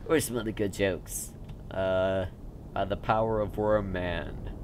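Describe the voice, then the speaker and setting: A man's voice: low-pitched, steady tone, slow, darkish tone, a little hiss or hum. A young man making goofy let's-play commentary, full of silly nonsense words and sudden outbursts. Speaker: gamer.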